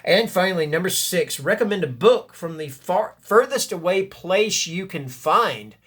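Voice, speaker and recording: Rambling, enthusiastic man with a higher voice. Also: lively intonation, a little slow, fairly bright tone, breathy edge. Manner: rambling, self-correcting, enthusiastic. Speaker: booktuber. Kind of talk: casual book chat and reading blurbs aloud.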